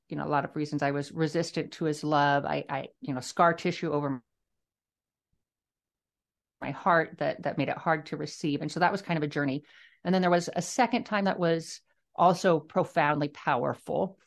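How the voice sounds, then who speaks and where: A middle-aged woman with a low voice shares a personal testimony on a podcast. She tells it earnestly and reflectively, pausing and restarting her sentences as she thinks. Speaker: guest author sharing her testimony.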